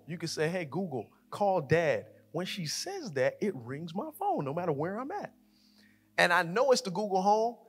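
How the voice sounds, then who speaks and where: Male co-pastor, high and bright, very animated sermon delivery, long hall reverb. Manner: animated, acts out his daughter's voice, builds to shouting. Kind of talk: sermon with storytelling. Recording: live church hall reverb with music.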